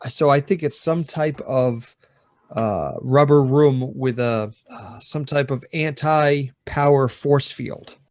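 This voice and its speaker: A man playing a tabletop game on a podcast, describing scenes in a relaxed, casual way. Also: mid-range voice, slow, dry recording, studio quality. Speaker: player. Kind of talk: casual actual-play chat.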